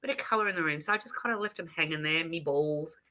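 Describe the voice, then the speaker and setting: An Australian woman hosts a relaxed live stream, rambling from one thought to the next and correcting herself as she goes. Her voice is very bright and sharp, and she giggles often while reading viewer comments aloud. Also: low-pitched, fast talker. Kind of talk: casual live stream chat.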